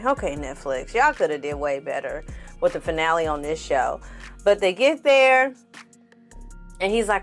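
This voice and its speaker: A woman's voice: low voice, big pitch swings, normal speed, faint music behind. A woman giving a casual reaction commentary on a TV show, blunt and sassy, swearing freely and talking straight to her viewers. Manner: talks straight to the audience. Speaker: TV reviewer.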